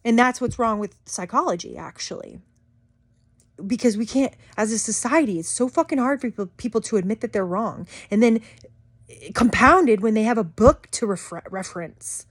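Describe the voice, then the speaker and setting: Woman vlogger, angry rant, swearing, higher voice, dry close sound. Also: expressive, breathy edge, no echo. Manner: heated, swearing, rapid swings in intensity.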